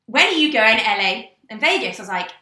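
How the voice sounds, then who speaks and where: Animated young woman telling a story. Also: on the high side, quick pace, roomy sound. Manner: animated, swears, acts out quoted voices. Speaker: guest. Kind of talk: casual storytelling chat.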